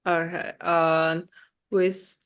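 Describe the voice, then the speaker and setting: A woman's voice: fairly low pitch, little pitch movement, very slow, a bit bright, dull audio. A woman in her twenties who is not a native English speaker, reading carefully and hesitantly for her coach. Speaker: student learning English.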